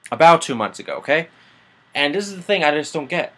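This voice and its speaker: A man's voice: on the high side, expressive, quick pace, a bit bright. A man hosting a casual gaming news vlog, rambling and swearing through annoyed asides. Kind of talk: casual rant to camera.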